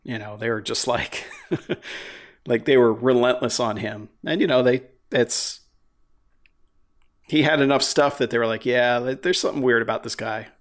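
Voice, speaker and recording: A man's voice: medium pitch, normal speed. A man in casual podcast chat, rambling with many fillers and frequent swearing.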